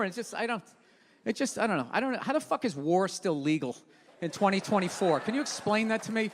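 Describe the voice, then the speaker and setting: A man doing a stand-up comedy set on stage, ranting and swearing and shouting his punchlines. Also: sits high, expressive, quick pace. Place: live comedy venue stage. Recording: reverberant live hall with crowd noise. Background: audience laughter.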